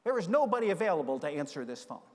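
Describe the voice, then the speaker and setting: An older man from the United States giving a storytelling keynote speech, animated and acting out the voices in his stories. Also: on the high side, racing. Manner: animated, acts out quoted voices. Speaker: keynote speaker. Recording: long reverb of a large hall.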